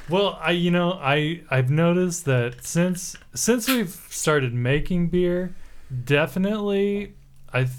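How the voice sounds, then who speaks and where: A man's voice: sits high, slow pace, a little hiss or hum. A man hosting a casual podcast chat about beer, rambling with many fillers and restarts. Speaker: podcast host.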